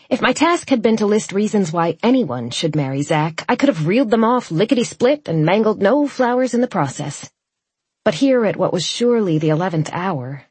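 A woman reading a first-person novel aloud, with wry, lively narration and voiced dialogue. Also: lowish voice, husky, dry recording. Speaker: audiobook narrator.

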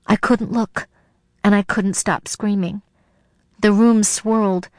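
A woman reads a first-person suspense story aloud with tense, dramatic storytelling. Her voice sits at an ordinary mid pitch, and the recording is dry and close with no room sound. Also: fairly even intonation, slow pace, darkish tone, no echo. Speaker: narrator. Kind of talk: first-person audiobook narration.

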